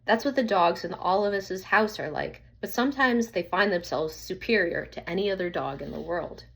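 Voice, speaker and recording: A woman reading a children's story aloud in an earnest, slightly halting way. Her voice sits somewhat low for a woman, and the telling stays plain and steady. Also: vocal fry, husky. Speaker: narrator.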